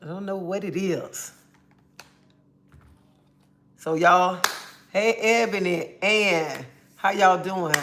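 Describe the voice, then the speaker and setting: A woman hosts a relaxed livestream, calling out viewers by name and chatting easily. She sounds a little under the weather and talks into a phone or webcam mic. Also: lowish voice, a little hiss or hum. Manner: greets chat viewers by name, drawn-out friendly talk. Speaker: livestream host. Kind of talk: casual livestream chat.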